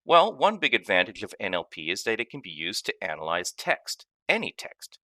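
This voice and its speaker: A man narrating a scripted technology lesson as a course instructor, explaining with lively emphasis. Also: fairly low pitch, normal speed, no echo, clean studio sound.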